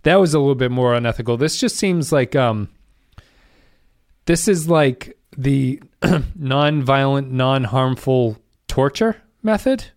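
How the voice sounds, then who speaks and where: A man's voice: mid-range voice, lively intonation, a little slow, a little mellow, dry recording. Dry-voiced man co-hosting a podcast. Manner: thinks aloud, reads listener comments. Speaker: podcast co-host. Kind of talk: casual podcast discussion.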